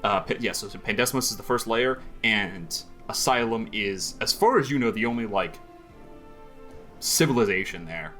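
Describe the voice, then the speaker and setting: Game master, man, low-pitched, bright and forceful tone, rambly, light music under. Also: expressive, moderate pace. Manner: rambling, many fillers while describing. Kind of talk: narrating a tabletop game.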